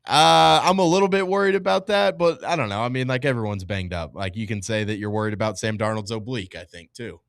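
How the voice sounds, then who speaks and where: A man co-hosting a casual sports talk show, hedging and filling pauses as he talks. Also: medium pitch, steady tone, vocal fry, smooth, dry recording, studio quality. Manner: hesitant, hedging with fillers.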